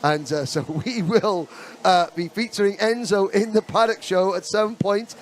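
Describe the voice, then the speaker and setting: A man giving live kart race commentary, chatty and excitable, breaking into rapid bursts as the action heats up. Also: sits high.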